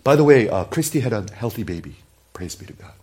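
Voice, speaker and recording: A man preaching a sermon in a church, talking straight to the congregation and swinging from loud emphasis to hushed, near-whispered asides. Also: on the low side, very animated, quick pace. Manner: conversational, speaks straight to the congregation with questions. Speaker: pastor.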